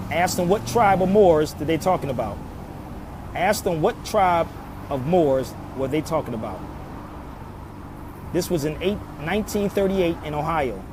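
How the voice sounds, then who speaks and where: A man from Philadelphia lectures in the open air, earnest and insistent, circling back to the same pleas again and again. His voice sits a little on the high side. City traffic rumbles clearly behind him. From Philadelphia, USA. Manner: emphatic and preachy, repeating pleas. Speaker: social media commentator. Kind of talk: impassioned street monologue. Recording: outdoor traffic noise.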